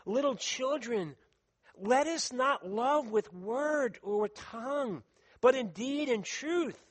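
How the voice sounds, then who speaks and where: A man preaching a sermon, reading scripture aloud and speaking earnestly and emphatically, with a tickle in his throat that keeps him clearing it and coughing. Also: very high voice, expressive, slow. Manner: earnest, emphatic, stretches out key words.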